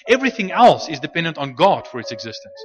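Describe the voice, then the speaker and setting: A man preaching a sermon in a loose, unscripted teaching style, often restarting and repeating words, and slowing down to stress scripture when he reads it aloud. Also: fairly high pitch, big pitch swings, over music.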